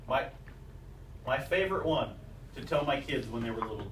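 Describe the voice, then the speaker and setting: A man's voice: fairly high pitch, animated, moderate pace, fairly bright tone, a little hiss or hum. A man preaching a sermon as the pastor, telling stories and quoting scripture along with old sayings of mothers. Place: church sanctuary. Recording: echoey church recorded from a distance.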